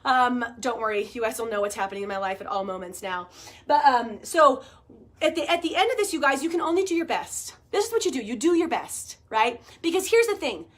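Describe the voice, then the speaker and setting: A woman in her forties chatting to her viewers, telling a story in an animated way, laughing and swearing casually. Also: fairly high pitch, fairly quick. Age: 40s. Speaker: vlogger. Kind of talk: casual chat to camera.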